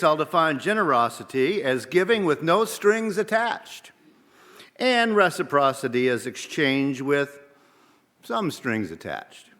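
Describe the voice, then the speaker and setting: A male minister delivers a sermon at an unhurried, steady pace, weighing each phrase and posing rhetorical questions. His voice sits at a middle pitch. A long reverb trails behind him, as in a large church sanctuary. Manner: measured, deliberate, rhetorical questions.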